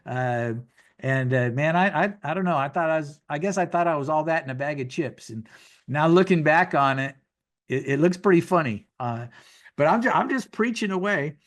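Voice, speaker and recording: A man's voice: fairly high pitch, expressive, moderate pace. A man in his sixties giving folksy, conversational preaching from his home office over a video call, repeating phrases for emphasis. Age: 60s. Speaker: guest minister teaching.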